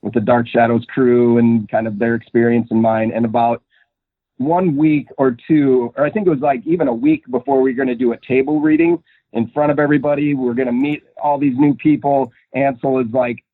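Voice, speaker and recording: A young actor from Minnesota, guesting on an interview, chats loosely with frequent fillers and laughs. His medium-pitched male voice moves fairly quickly with fairly even intonation, recorded dry with no echo over a tinny, phone-like line.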